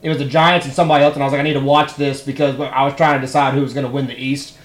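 A man hosting a podcast, telling rowdy stories in quick, profane bursts. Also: medium pitch. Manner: rapid, profane, animated storyteller. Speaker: podcast host. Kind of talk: casual storytelling chat.

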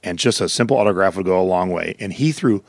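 Middle-aged male podcast co-host, lowish voice, dry close sound, animated storyteller. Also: fast, vocal fry, no echo. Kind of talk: casual chat.

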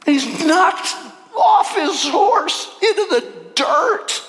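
Animated high-voiced male preacher. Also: drawn-out words, raised voice, big-room sound, some chatter behind. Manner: animated, acts out voices and jokes. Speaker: pastor. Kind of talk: sermon.

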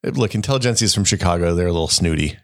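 A man's voice: low voice, lively intonation, very fast. A middle-aged man co-hosting a podcast in casual chat, rambling and correcting himself, with dry, wry humor. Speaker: podcast co-host.

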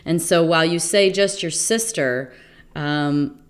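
A woman's voice: sits low, measured pace. A woman interviewing a guest in a casual conversation, reflective and rambling, with many fillers.

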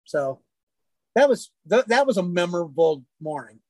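A man who works as a hunting guide, telling folksy, lively stories in a casual chat. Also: sits high, moderate pace, no echo. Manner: animated, folksy storyteller. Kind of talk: casual storytelling.

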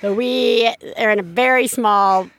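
A woman's voice: a little high, measured pace, fairly bright tone. A woman in her thirties co-hosting a podcast from a small recording booth, chatting casually and acting out her young daughter's lines as she tells a story. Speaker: podcast co-host. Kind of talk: casual chat about pregnancy.

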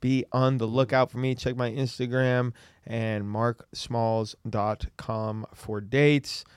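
A young man hosting a podcast, loud and excitable, swearing often in casual banter. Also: mid-range voice, takes it slowly, clear, resonant tone, no echo, studio quality. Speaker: comedian and podcast host.

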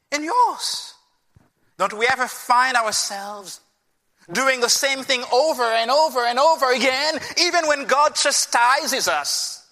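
A man's voice: very high voice, sharp tone, big-room sound. A man preaching a sermon with emphasis, often putting rhetorical questions to his listeners.

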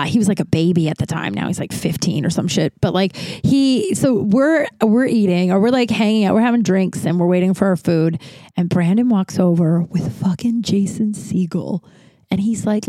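A woman's voice: normal speed, no room sound. Woman in her 30s rambling thru a story, lots of likes and swearing, dry close mic. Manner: animated, jumps high for quoted voices. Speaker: podcast host. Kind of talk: casual storytelling.

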